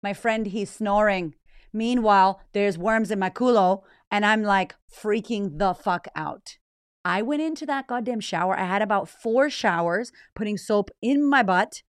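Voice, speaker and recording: A woman's voice: mid-range voice, unhurried, clear, resonant tone, dry recording, clean studio sound. A woman in her thirties hosting a podcast and telling a story in a raw, dramatic way, swearing freely. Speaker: podcast host. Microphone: podcast microphone.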